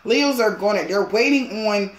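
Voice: medium pitch, normal speed, very noisy. An emphatic tarot reader in a roomy space. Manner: emphatic and pushy, laughs often, swears casually. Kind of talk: casual tarot reading to viewers.

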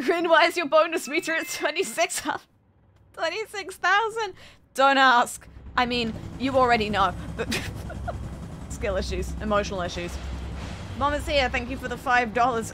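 A woman's voice: sits high, a bit bright, a little hiss or hum, rough recording. A woman streaming a game, chatting playfully as she plays, laughing often and cursing at the screen. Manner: playful, giggly, swears often. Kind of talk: casual gameplay commentary. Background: game music.

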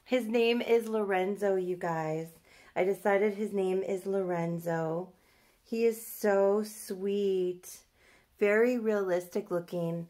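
Slow-talking woman gushing over a new doll. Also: mid-range voice, dark tone. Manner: gushing, coos and squeals. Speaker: vlogger. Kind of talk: casual box-opening vlog.

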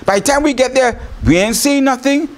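A woman's voice: high voice, fairly quick, voice pushed up, natural voice. A man putting on Trinidadian midwives making excuses. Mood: pleading. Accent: Trinidad and Tobago English. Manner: pleading, chatty.

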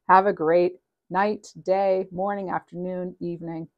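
A woman's voice: on the low side, little pitch movement, takes it slowly, lo-fi sound. A woman giving a casual, channeled tarot reading, chatty and meandering with frequent ums, reading card messages aloud. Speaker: tarot reader.

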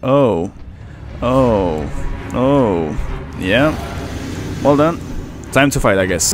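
A man's voice: mid-range voice, lively intonation, drawn-out words, music in the background. A man commenting on his own gameplay, sarcastic and laughing often as he talks to the enemies. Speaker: gaming channel host.

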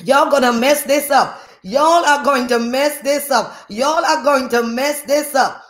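A man's voice: very high-pitched, a little slow, a bit bright. A man preaching a sermon, working the crowd with call-and-response and repeated phrases. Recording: echoey room.

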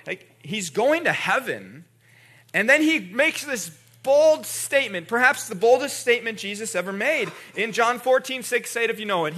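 High, bright-voiced preaching pastor. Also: male voice. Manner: conversational preaching with repeated word restarts; calls on the congregation to respond. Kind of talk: sermon. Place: church sanctuary.

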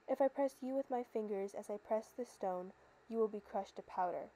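A boastful giant ogre threatens and blusters in a storybook tale, read by a woman narrator. The voice stays soft and mellow, close to the reader's own. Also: medium pitch, moderate pace, lightly acted, poor audio. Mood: blustering.

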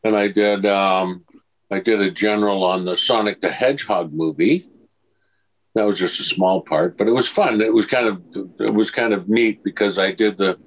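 Older man with a low voice telling stories. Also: poor audio. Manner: lively storyteller who acts out dialogue, chuckles. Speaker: actor guest. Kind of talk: anecdotal interview storytelling.

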